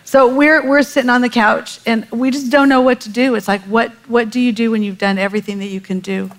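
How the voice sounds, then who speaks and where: A middle-aged woman telling a parenting story in casual chat, animated and laughing often as she acts out quotes. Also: on the high side, a little fast, rough recording.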